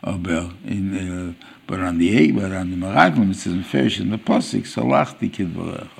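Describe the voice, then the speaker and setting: A man giving an informal Torah lecture as a rabbi, halting and restarting as he searches for words. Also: sits low, vocal fry, husky. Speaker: rabbi teaching a weekly Torah class.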